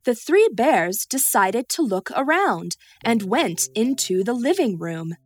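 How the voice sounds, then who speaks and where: A woman tells a children's storybook in a high, slow, very lively voice, lingering over each phrase. Her tone swings up and down in a sing-song way. Soft music plays quietly beneath her. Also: no room sound, clean studio sound.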